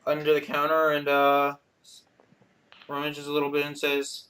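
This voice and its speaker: A man running a tabletop game as game master, with a slightly higher-pitched voice than most men. He narrates in a halting way, pausing on many fillers as he describes the scene. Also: monotone, fairly bright tone.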